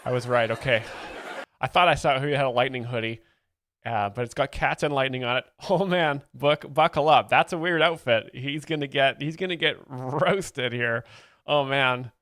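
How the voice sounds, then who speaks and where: A man's voice: medium pitch, moderate pace, fairly bright tone, no room sound. A man hosting a livestream, chatting and laughing as he explains a comedy clip, on a close mic. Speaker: host reacting to a comedy clip. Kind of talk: livestream commentary.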